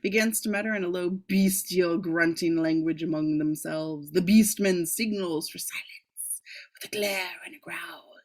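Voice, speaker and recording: A woman's voice: on the low side, fairly even intonation, a little slow. A woman reading a screenplay aloud in a casual way, breaking off for joking asides and the odd swear word. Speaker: script reader.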